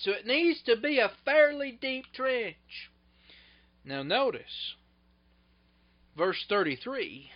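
A male preacher giving a sermon, retelling scripture in an animated way that swings between loud bursts and hushed asides. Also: very high voice, slow, pauses often. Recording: dull lo-fi recording.

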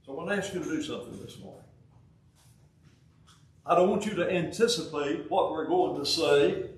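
A man in his eighties with a Southern US accent, from Alabama, preaching a sermon in a folksy way with joking asides and halting restarts. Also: on the high side. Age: 80s. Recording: roomy sound, from a distance.

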